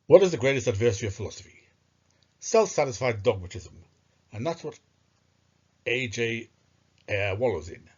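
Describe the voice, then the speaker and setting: A man's voice: medium pitch, lively intonation, moderate pace, pauses often, breathy edge. A man giving discursive, scornful commentary on philosophy, thinking aloud with hesitations. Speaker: philosophy video narrator. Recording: muffled lo-fi recording.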